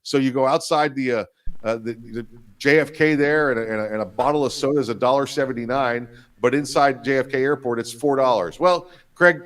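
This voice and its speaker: A man co-hosting a political talk show in a rambling, sarcastic way, often slipping into mock voices of officials. His voice sits at a middle pitch and sounds a little distant from the microphone. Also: a little fast. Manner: rambling, sarcastic, acts out quoted bureaucrats. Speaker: co-host. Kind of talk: casual political commentary.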